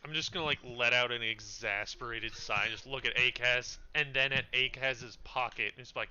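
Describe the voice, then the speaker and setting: A man's voice: mid-range voice, fairly even intonation, moderate pace, few pauses, pushed and bright, clear, resonant tone, highs cut off. A man playing a tabletop game, describing his moves with hesitant, stammering starts.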